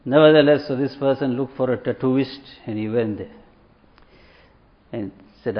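A man delivers a sermon, telling a story and acting out the voices of its characters. His voice sits at an ordinary middle pitch. The sound is dull and lo-fi, with a long hall reverb around it. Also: normal speed, long pauses. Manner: storytelling, acts out quoted voices. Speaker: religious speaker. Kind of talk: sermon with a parable.

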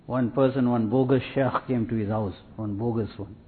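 A man's voice: mid-range voice, steady tone. Man preaching, tinny audio. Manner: measured, repetitive preaching cadence. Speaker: Islamic preacher. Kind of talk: sermon with anecdotes.

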